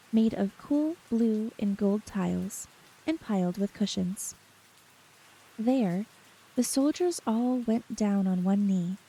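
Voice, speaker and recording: A woman reading a novel aloud in a soft, unhurried ASMR story reading. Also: medium pitch, husky, low-quality recording.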